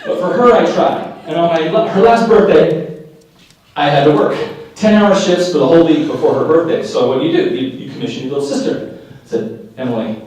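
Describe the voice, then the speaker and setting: A man's voice: on the high side, brisk, a little mellow, distant mic. Young man doing stand-up in an echoey room. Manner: wry self-mocking storytelling, acts out dialogue. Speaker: stand-up comedian. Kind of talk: live stand-up comedy. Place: live venue before an audience.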